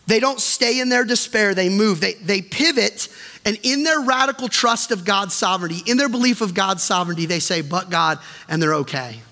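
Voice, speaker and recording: High, bright-voiced preaching pastor. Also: male voice, moderate pace. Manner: impassioned preaching, drops soft and low to plead. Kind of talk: sermon. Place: church sanctuary. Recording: long reverb of a church hall.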